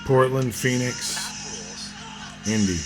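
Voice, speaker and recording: A man's voice: medium pitch, extremely slow, over music, rough recording. A man co-hosting a casual sports talk show, teasing and laughing often.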